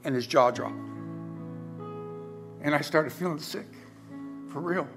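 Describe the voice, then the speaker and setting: A middle-aged man preaching a sermon as pastor, telling a personal story in a lively way and acting out the people he quotes. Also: a little high, slow pace. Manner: animated storyteller, acts out quoted voices. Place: church sanctuary. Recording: faint guitar music behind.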